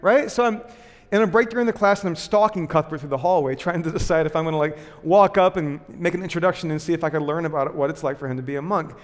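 A man's voice: a little high, fast talker, in a large hall. A man, a pastor, preaching a sermon full of personal stories in a conversational, self-deprecating way with lots of fillers and restarts.

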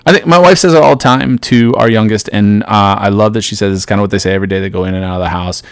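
A middle-aged man hosting a solo podcast, giving an earnest motivational talk that swings between loud and soft. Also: lowish voice, fast, smooth, no echo. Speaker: podcast host.

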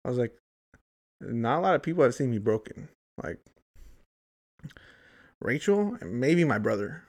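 A man's voice: medium pitch, sing-song, measured pace. A young adult man telling a long story in casual chat, rambling and swearing freely, saying "like" and "dude" often. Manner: profane, rambling, heavy use of "like" and "dude".

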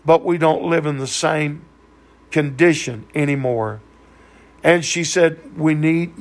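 A man preaching, slowly and earnestly retelling another man's testimony. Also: a little high, vocal fry, fairly bright tone. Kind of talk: sermon storytelling.

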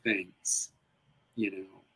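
A middle-aged man talking as an interview guest in a bright, forward voice. He is expressive and animated, jumping from loud bursts to hushed asides. His tone is casual and open. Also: low voice, extremely slow, husky, poor audio. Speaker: guest, actor and comedian.

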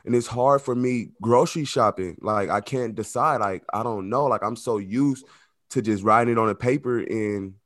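A man, formerly incarcerated, talking casually in an interview. His speech is loose and conversational, full of "like" and "you know", and he slips into lively acted-out quotes. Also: medium pitch, moderate pace, no echo, clean studio sound.

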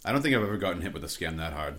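Man, casual chat, wry crude humor, lively intonation, bright tone. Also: low-pitched, rapid-fire. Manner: wry, crude joking remarks.

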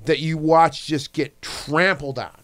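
A man's voice: fairly high pitch, steady tone, a little slow, fairly bright tone. A man hosting a casual podcast chat, rambling through his thoughts with restarts and frequent swearing.

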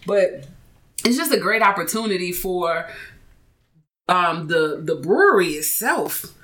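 A podcast speaker in casual chat, telling stories in an animated way, joking and laughing between points. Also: medium pitch, measured pace, poor audio. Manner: animated, joking storyteller who laughs while talking. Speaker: podcast participant.

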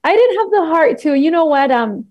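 A woman's voice: high-pitched, normal speed, lo-fi sound. A woman in her thirties, a podcast guest, telling a story in casual chat and acting out what people said. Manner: animated storyteller acting out quotes, frequent laughs.

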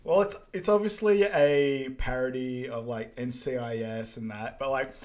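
Man, podcast co-host, relaxed, dry asides, casual film recap. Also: medium pitch, normal speed.

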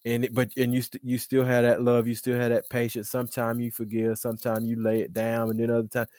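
A man's voice: medium pitch, monotone, fast, a little mellow, no room sound. A man co-hosting a casual faith discussion, thinking aloud in a reflective way and laughing easily.

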